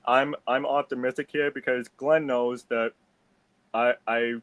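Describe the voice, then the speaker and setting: Blunt halting man talking baseball. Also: medium pitch, steady tone, fairly bright tone, dry recording. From Massachusetts. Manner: halting, repeats words, blunt predictions. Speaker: guest panelist. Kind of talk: casual sports talk stream.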